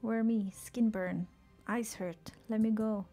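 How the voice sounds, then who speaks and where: A woman's voice: on the high side, fairly even intonation, takes it slowly, dark tone, soft background music. A woman voicing a pitiful male creature who talks in short, broken, pleading phrases.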